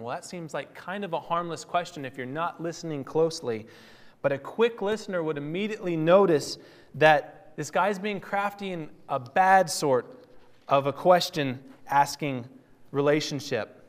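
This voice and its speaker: A man teaches through scripture in a relaxed, teacherly way, stopping to correct himself as he goes. His voice sits a little high for a man. The sound rings with a long hall reverb. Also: normal speed. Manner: conversational, teacherly, with fillers and self-corrections. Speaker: Bible teacher. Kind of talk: sermon.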